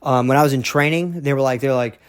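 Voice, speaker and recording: A man of ordinary pitch recounts his story in a casual, heated monologue, pressing his points with repeated "okay?" check-ins and restarts. He is blunt and drops a curse now and then. The recording is dry and close, with no room sound. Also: fast talker, smooth, no room sound. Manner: emphatic, keeps asking "okay?", repeats himself. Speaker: vlogger telling his own story.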